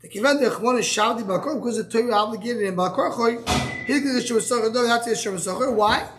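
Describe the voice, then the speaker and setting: A man's voice: very high voice, fast talker, noisy background. Style man teaching a Talmud class. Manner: thinks aloud with many restarts, fields student questions.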